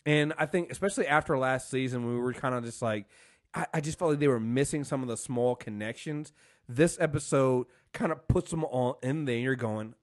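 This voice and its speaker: A man co-hosting a casual TV review podcast, animated, acting out scenes and laughing often. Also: mid-range voice, fairly quick. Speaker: podcast co-host.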